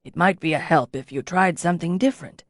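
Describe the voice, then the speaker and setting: Lady putting on a kindly old potter guy, low slow soft voice, dry sound. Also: no room sound, natural voice. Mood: gentle. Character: gentle older male master potter.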